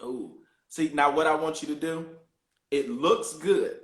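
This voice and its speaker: A man hosts a casual interview over a video call, easygoing and curious as he poses questions. His voice is on the high side and unhurried, and the recording has a roomy echo.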